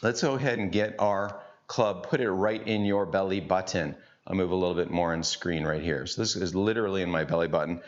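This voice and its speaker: A man's voice: deep voice, a little fast, hardly any pauses. A middle-aged man teaching golf, chatty and folksy with joking asides. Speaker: golf instructor. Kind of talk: on-course instruction. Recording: dull lo-fi sound.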